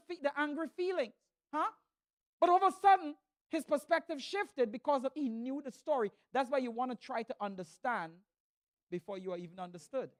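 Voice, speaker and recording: Lively man telling a church talk. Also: very high-pitched, dry recording. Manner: animated storyteller, stammering restarts. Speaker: church speaker. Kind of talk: humorous sermon talk.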